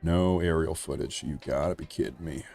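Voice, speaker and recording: A man's voice: rumbling low, moderate pace, creaky, warm tone, breathy edge. An American man hosting a live stream, ranting emphatically and repeating himself. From United States. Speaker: livestream host. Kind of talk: heated live-stream commentary.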